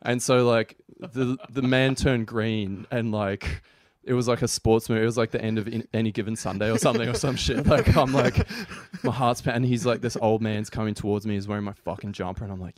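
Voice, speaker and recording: A young Australian man at a podcast mic, telling a story with lots of animation and plenty of swearing. His voice sits mid-pitch and sounds dry and close, with no room echo. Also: steady tone, a little fast. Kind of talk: casual podcast chat.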